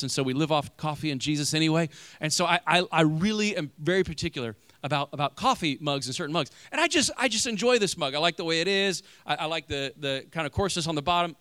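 A young male pastor giving a casual, animated sermon full of "you know" and "like", growing loud in stories and going quiet and slow in prayer. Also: on the high side, dry recording. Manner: animated storytelling, rising loud when acting out arguments; drops soft and slow in prayer.

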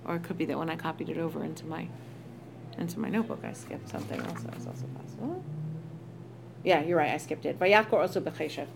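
A woman's voice: sits low, fast talker, vocal fry, long pauses. Lady teaching a text study, talky and explaining as she goes, bit of hum in the back. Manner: chatty, explains with asides, reads Hebrew verses aloud then translates. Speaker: Torah teacher.

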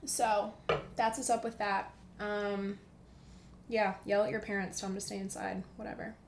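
A woman's voice: on the high side, slight background noise. A young woman hosting a casual podcast monologue from home, chatty, dropping into whispers for asides. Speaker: podcast host.

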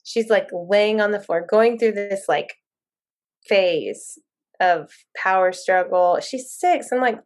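A woman in her thirties, a mother and podcast guest, telling lively stories in casual conversation and acting out her own quotes with laughter. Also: mid-range voice, takes it slowly.

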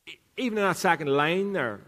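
A man's voice: fairly high pitch, animated, a little fast, pushed and bright, long reverb tail. A man preaching a sermon as pastor, earnest, repeating key lines for emphasis. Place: church.

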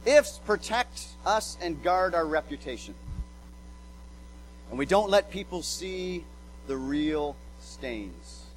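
A man's voice: a little high, very animated, slow pace, a little hiss or hum, poor audio. A male pastor preaching a sermon, emphatic, repeating words as he drives points home and acting out quotes.

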